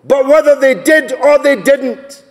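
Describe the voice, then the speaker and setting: A man giving an impassioned political speech at a conference, rising to shouted rhetorical questions. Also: very high voice, a little slow. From Scotland. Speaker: political speaker. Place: large conference hall. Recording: long hall reverb.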